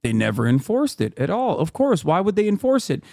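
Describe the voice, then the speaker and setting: A man in his thirties on a livestream, talking things through in a heated, cursing rush full of fillers and restarts. His voice sits a bit higher than most men's. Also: huge pitch swings, a little fast, vocal fry, mellow. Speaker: streamer host. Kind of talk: casual livestream explainer.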